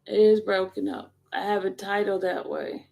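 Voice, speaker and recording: A woman hosts a livestream in a loose, rambling way, talking straight to her viewers. Her voice has a gravelly edge, and her pitch sits in a middle range. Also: level tone, normal speed, mellow. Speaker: livestream host. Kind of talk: casual livestream chat.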